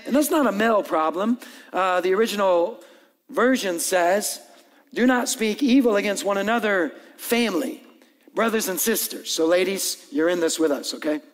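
A man preaching as pastor, animated, acting out dialogue and joking with the congregation. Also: sits high, moderate pace, in a large hall. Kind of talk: sermon. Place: church hall with long reverb.

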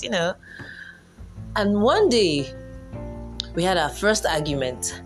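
A woman's voice: fairly low pitch, animated, normal speed, pauses often, faint music behind. A young woman chatting casually about relationships, acting out her own past self in quotes and laughing often. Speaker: vlogger giving relationship advice. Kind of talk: casual storytelling monologue.

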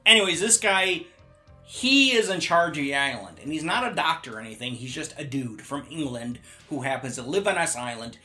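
A man co-hosting a podcast, casually recapping a horror movie plot and tossing in quick character voices. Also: on the high side, expressive, pushed and bright, soft background music. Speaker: podcast co-host. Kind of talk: casual movie review chat.

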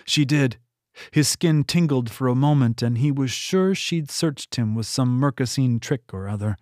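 A man reading a novel aloud in steady, scripted audiobook narration on a close mic. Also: mid-range voice, dry recording. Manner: steady storytelling delivery.

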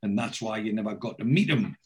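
A man voicing a rough but proud middle-aged dad, in a low, musing, fatherly way. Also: brisk, close to an everyday voice. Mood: reflective.

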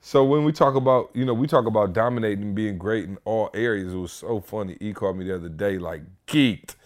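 A man co-hosting a casual podcast. His voice sits on the low side. He speaks emphatically and encouragingly, often repeating a point to drive it home. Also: fast. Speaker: podcast co-host.

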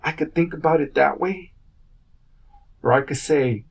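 A man's voice: a little high, a little slow, creaky, pauses often, breathy edge. A man hosting his own podcast, talking in a casual rambling monologue and acting out what people said to him. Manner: rambling storytelling, acts out quotes. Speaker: podcast host.

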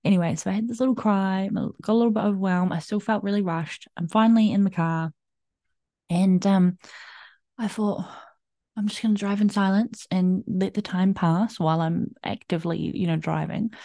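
Warm, rambling woman podcaster, dry sound. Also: lowish voice, no room sound. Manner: chatty, rambling, many fillers and restarts, laughs often. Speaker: podcast host. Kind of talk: candid personal storytelling.

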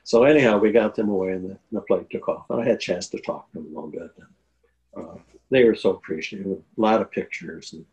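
Older man, deep voice, earnest interview storyteller with fillers. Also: quick pace, darkish tone, highs cut off. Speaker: guest telling a war veteran story.

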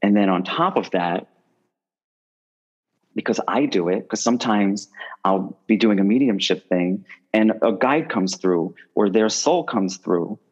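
A man with a very low voice talks through a slightly dull, lo-fi line. He speaks loosely and casually, circling and restarting his sentences, and livens up when he tells a story. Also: measured pace, husky. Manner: rambling, restarts phrases often, animated when telling stories. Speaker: guest medium. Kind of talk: casual conversational interview.

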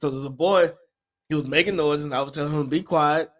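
A man's voice: fairly high pitch, quick pace. A father in casual chat, animatedly telling stories and acting out the quotes. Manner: animated storyteller, acts out quotes.

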